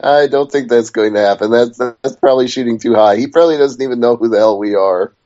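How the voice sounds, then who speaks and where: A man co-hosts a podcast in casual chat, talking fast with a warm, mid-pitched voice. He's chatty and tends to stray off topic before steering back. The audio comes through dull and lo-fi.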